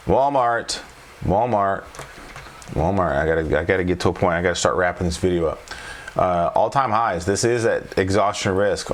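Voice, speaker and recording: A low-voiced trading coach goes over stock charts on the fly, with a little hiss or hum in the recording. He thinks aloud and, after each point, checks in with viewers using repeated tag questions.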